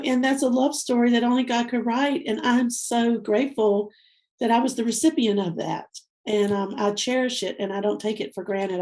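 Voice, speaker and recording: Woman, 50s, interview guest; gravelly, emotional storyteller, teary, lots of ums and you-knows. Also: mid-range voice, mellow. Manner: tearful, heartfelt, many fillers. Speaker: guest speaker. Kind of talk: personal storytelling.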